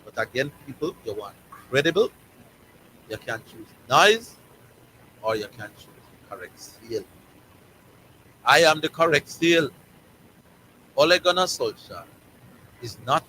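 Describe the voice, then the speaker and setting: A man's voice: medium pitch, very animated, a little slow, long pauses, bright, forceful tone, slight background noise, poor audio. A man with a Jamaican accent hosting a sports talk show, giving emphatic opinions and repeating key words for stress.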